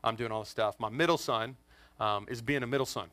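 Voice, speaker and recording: A man in his forties, a pastor telling a funny family story to his congregation in an animated, joking way. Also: mid-range voice, a little fast, dry recording. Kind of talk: storytelling sermon. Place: church in front of a congregation.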